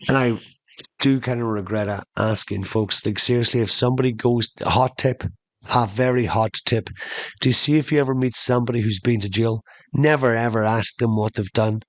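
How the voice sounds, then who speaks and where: A man hosting a podcast, telling a funny story in an animated way and slowing down for emphasis. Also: fairly low pitch, no echo. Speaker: podcast host. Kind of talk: comedic storytelling monologue.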